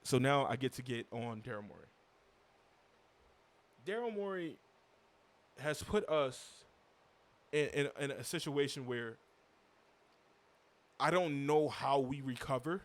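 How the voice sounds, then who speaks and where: A man's voice: mid-range voice, animated, slow, long pauses. A young man recapping the day alone in a casual style, frustrated and rambling, often repeating himself as he vents. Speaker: basketball commentator and fan.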